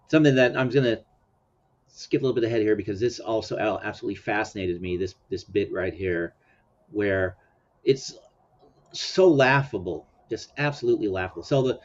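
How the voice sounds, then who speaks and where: Man, podcast host, casual commentary, low voice, lo-fi sound. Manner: chuckling, meandering with fillers. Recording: dull lo-fi sound.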